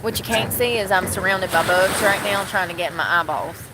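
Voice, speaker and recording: A woman's voice: medium pitch, a little fast. Chatty woman vlogging outdoors. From North Carolina. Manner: chatty, rambling, laughs often. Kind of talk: casual rambling vlog chat. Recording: outdoor noise with boat and water sounds.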